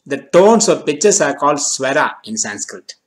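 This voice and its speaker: A man giving a scripted lesson as teacher, speaking in a measured, deliberate way and slowing down on key terms. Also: on the high side, big pitch swings, low-quality recording. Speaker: language teacher.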